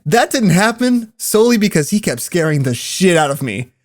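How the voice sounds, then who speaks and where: A man's voice: sits high, moderate pace. A young man casually telling a story on a podcast, laughing often as he recounts it. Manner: laughs often, animated retelling.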